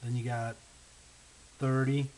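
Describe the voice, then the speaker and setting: A man teaching a math lesson, walking through word problems step by step, often checking in with "okay?" and slowing down on the key numbers. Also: mid-range voice, level tone, darkish tone, poor audio. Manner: patient, checks in with frequent "okay?" and "right?"; thinks aloud while writing, slows down on key numbers. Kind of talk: recorded lesson walkthrough. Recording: faint hiss.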